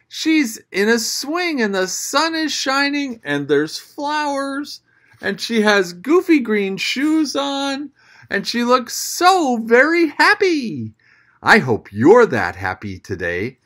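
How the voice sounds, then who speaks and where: Slow, lively storyteller reading to kids. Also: mid-range voice. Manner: animated, gasping, talks directly to kids. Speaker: children's church storyteller. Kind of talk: reading a picture book aloud to children.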